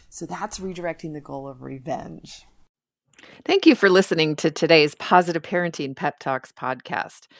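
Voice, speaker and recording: A middle-aged woman hosting a parenting podcast, teaching and telling candid family stories with frequent restarts. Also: low-pitched. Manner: candid, storytelling, self-interrupting restarts. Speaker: podcast host, parenting coach.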